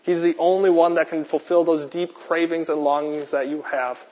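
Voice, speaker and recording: A man's voice: on the high side, fairly even intonation, moderate pace, darkish tone. A man preaching a sermon with a repetitive, emphatic cadence. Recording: long hall reverb.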